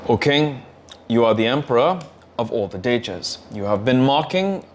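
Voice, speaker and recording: A man reading scripture aloud in measured, short phrases. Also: medium pitch, expressive, a little hiss or hum. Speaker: scripture reader.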